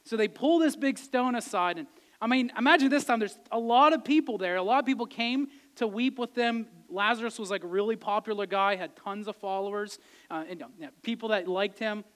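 A man with a notably high voice delivers a sermon, retelling scripture in plain, conversational words. He talks earnestly, rising to emphatic, insistent peaks and then sinking back to soft, quiet passages. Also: brisk. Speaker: preacher.

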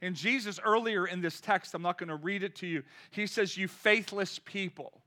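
In church, a male pastor with a high, bright, forceful voice preaches a sermon at a fairly quick clip. He shifts from chatty talk to loud, impassioned outbursts and repeatedly questions the congregation.

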